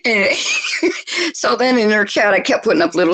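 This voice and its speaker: A woman guest on a livestream panel, telling gossip stories in an animated way and laughing often. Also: medium pitch, normal speed, slightly rough, low-quality recording. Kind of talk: casual gossip chat.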